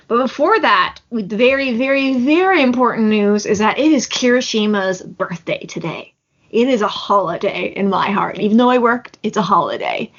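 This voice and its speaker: A woman in a somewhat high register hosts a podcast, chatting and giggling in a loose, self-deprecating way. The sound is a little dull and lo-fi. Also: fairly bright tone. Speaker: podcast host. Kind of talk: casual chat.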